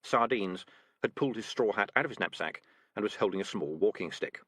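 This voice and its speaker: A man reading a comic fantasy novel aloud as narrator, with lively storytelling. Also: on the low side, brisk, no room sound, studio quality. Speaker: audiobook narrator. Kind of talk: scripted narration.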